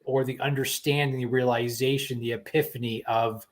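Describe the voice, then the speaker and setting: A man's voice: medium pitch, flat delivery, normal speed. A middle-aged man hosting a talk show, speaking earnestly and often repeating words as he starts a thought. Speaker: host. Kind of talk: conversational talk show chat.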